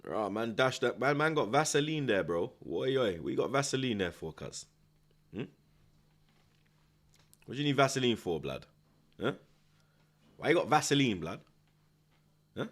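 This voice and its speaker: A man with a London accent hosting a football watchalong, slangy and teasing, flaring up excitedly at the action from home. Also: mid-range voice, moderate pace, pauses often. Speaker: host. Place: at home indoors.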